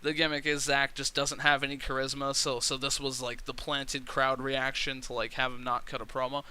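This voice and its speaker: A man's voice: medium pitch, little pitch movement, moderate pace, bright, forceful tone, smooth. A man giving casual, rambling commentary on a wrestling management game, chatty and full of fillers. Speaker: let's play commentator.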